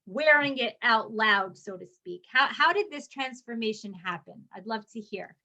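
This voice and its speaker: A woman's voice: fairly high pitch, lively intonation, moderate pace, sharp tone, highs cut off. A woman hosting a casual interview, friendly and encouraging as she chats with her guest. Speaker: host.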